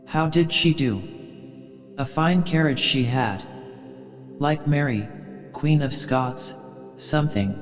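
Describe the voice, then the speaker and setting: A man's voice: a little high, slow pace, pauses often. Man reading an audiobook with long reverb. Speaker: audiobook narrator. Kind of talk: literary audiobook narration. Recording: dull sound with long reverb, faint music behind.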